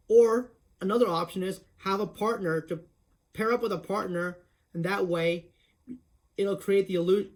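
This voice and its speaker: Rambling eager man teaching impressions. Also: sits high. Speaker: host of an impression tutorial. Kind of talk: casual tutorial talk.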